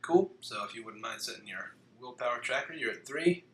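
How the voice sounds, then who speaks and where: A faint hiss and room echo surround a man whose medium-pitched voice is expressive and a bit bright. Hosting a casual podcast about a tabletop card game, he rattles off the rules aloud and keeps cracking jokes.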